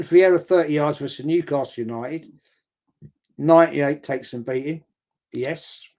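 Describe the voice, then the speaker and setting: A man in his sixties hosts a relaxed live-stream watch-along and rambles as he reads viewers' comments aloud. His voice sits a little high for a man, and he repeats phrases and pauses with ums. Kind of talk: casual live-stream chat.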